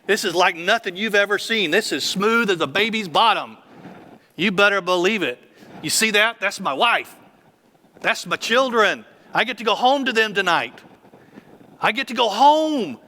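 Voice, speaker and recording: A man's voice: high voice, expressive, normal speed, pushed and bright, big-room sound, voice pushed up. A man voicing an overjoyed healed male leper who exclaims and shows himself off during a sermon. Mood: elated. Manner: exclaiming, showing off.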